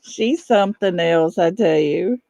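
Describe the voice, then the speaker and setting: A woman in her fifties hosting a casual livestream from her home, chatting with viewers and breaking off to calm her dog. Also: on the low side, measured pace, no room sound. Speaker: livestream host. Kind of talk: casual live chat with viewers. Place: home, indoors.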